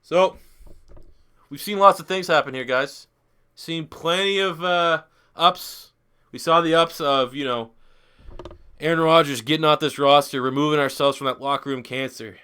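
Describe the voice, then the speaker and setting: A tipsy twenty-something gaming YouTuber streams a football video game, rambling, cursing and joking as he goes. His fairly high voice is pushed and bright yet clean in tone, steady, at normal speed, with frequent pauses.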